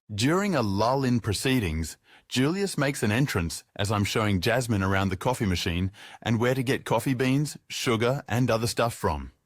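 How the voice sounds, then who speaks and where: Lively-voiced sardonic male narrator. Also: mid-range voice, no echo, studio quality. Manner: sardonic, profane. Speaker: audiobook narrator. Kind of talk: first-person audiobook narration.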